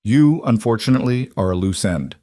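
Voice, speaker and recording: A man voicing a cold, calculating male crime boss who speaks in measured, menacing tones. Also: mid-range voice, lively intonation, dark tone, no echo, clean studio sound, natural voice. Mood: cold menace.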